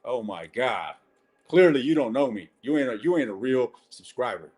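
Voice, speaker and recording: A man's voice: medium pitch, sing-song, normal speed, darkish tone, slightly rough. A man giving a casual live-stream tarot reading, blunt and chatty, swearing and calling viewers ladies and gents.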